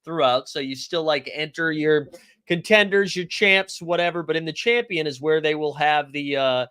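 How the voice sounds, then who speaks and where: A man's voice: fairly high pitch, normal speed, pushed and bright, clear, resonant tone. A man hosting a fantasy basketball livestream, chatting loosely and jokingly, greeting viewers by name from the comments. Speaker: fantasy sports livestream host. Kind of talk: casual livestream chat reading viewer comments.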